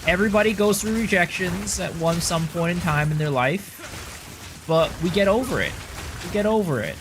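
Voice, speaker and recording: A man's voice: sits high, lively intonation, moderate pace, background noise. A man streaming a game, casually commenting, joking and answering his viewers as he plays.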